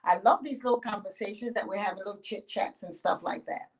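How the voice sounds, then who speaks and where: A woman's voice: medium pitch, brisk, husky, close to an everyday voice. A woman voicing a pleased farmer god. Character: serious, practical farmer god, man.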